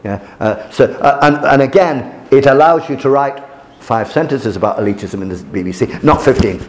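A man teaching a class as their examiner, lecturing in a halting way with many fillers and restarts. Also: mid-range voice, noisy background.

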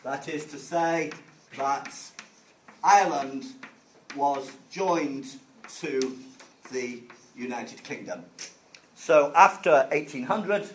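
Poor audio with slight background noise captures a man of medium pitch teaching history to a class. Filler sounds and restarts break up his halting speech as he explains things simply for learners.

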